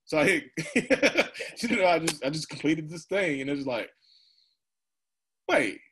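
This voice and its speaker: With a slightly high, expressive voice at normal speed, a man in his thirties rambles candidly as an interview guest over a noisy background. He laughs often and acts out his own remarks during the personal conversation.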